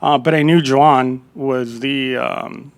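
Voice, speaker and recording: A man's voice: medium pitch, fairly even intonation, takes it slowly, clean tone, dry recording. A man who is an executive chef, telling a long story in a casual interview, rambling and laid-back, with plenty of fillers and quoted dialogue. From Calexico and Mexicali area. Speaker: executive chef, podcast guest.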